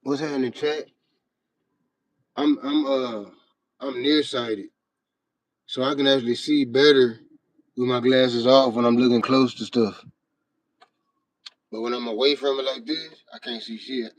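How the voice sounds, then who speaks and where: A man's voice: medium pitch, steady tone, unhurried, pauses often, dry recording. A young man hosting a livestream, talking bluntly and profanely in a rambling, casual way to his chat. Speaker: livestream host.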